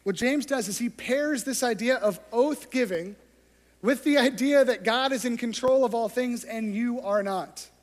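A man's voice: extremely high pitch, normal speed. A man preaching a sermon as pastor, telling stories and acting out the scenes. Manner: storytelling, acts out scenes. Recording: long hall reverb.

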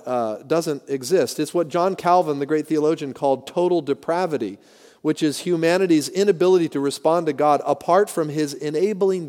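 A man's voice: fairly high pitch, a little mellow, big-room sound. A man preaching a sermon as pastor, emphatic and speaking directly to his congregation.

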